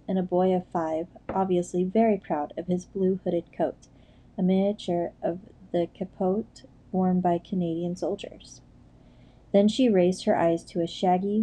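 A woman narrates an audiobook with measured, steady storytelling. Her voice is low and very dark and mellow. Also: rough recording. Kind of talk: scripted narration.

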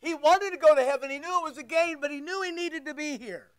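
A man's voice: extremely high pitch, fast. A man preaching a sermon as pastor, emphatic and rhetorical, repeating his phrases.

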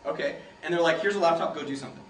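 A man's voice: fairly high pitch, rapid-fire. A young man from San Jose telling loose, joking stories to a room of students, laughing often and swearing freely. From San Jose, California. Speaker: speaker giving a talk to students. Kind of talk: casual storytelling talk. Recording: roomy, from a distance, faint hiss.

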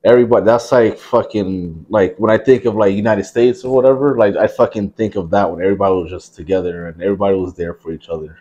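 A man's voice: fairly low pitch, fast, few pauses, warm tone, muffled recording. A man in his thirties from New Jersey, hosting a podcast and telling stories in casual, profanity-laced chat. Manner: profane, rambling storyteller. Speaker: podcast host.

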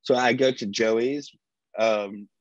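A podcast co-host with a medium-pitched, slow voice tells stories in casual chat, animated, swearing freely and quoting the people he talks about. The recording sounds dull, dry and lo-fi.

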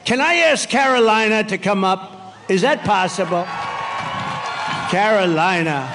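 A man's voice: high-pitched, unhurried, a crowd in the background, background noise. An older man giving an off-the-cuff campaign rally speech, rambling and repetitive, with punchy phrases. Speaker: political speaker at a rally.

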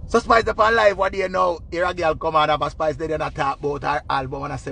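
A man with a Jamaican accent giving casual, animated gossip commentary in patois. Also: a little high, quick pace, creaky, few pauses, slight background noise. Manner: animated, laughing, patois storytelling.

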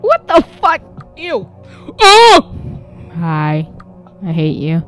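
A woman hosting a gaming video, giving loud, jumpy commentary as she plays, swearing and laughing at the scares. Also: low-pitched, wildly swooping pitch, takes it slowly, soft background music. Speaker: gaming channel host. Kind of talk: reactive let's-play commentary.

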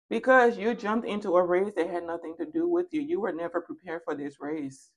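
A woman giving a tarot reading, animated and playful and speaking straight to the viewer, sometimes dropping into soft asides. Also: on the low side, brisk, hardly any pauses. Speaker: tarot reader. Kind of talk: spoken tarot reading to camera.

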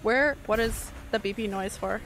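A woman streamer giving live gameplay commentary, excitable, yelping and talking to herself as she plays. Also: medium pitch, moderate pace. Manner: excitable, yelps and talks to herself while playing. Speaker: game streamer. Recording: steady background noise.

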